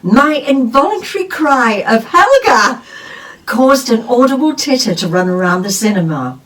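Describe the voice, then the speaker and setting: Woman co-host, reads listener mail with lively, expressive delivery, sits back from the mic. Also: a little high, moderate pace, distant mic, poor audio. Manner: lively, expressive reading with laughs. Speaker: podcast co-host. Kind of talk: reading a listener letter aloud.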